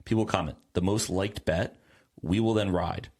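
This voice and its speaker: A man's voice: sits low, normal speed, a little mellow. A young man co-hosting a sports podcast in a casual, joking, riffing way. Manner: joking, riffing, playful announcer bits. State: getting over a head cold. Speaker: podcast co-host. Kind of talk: casual chat.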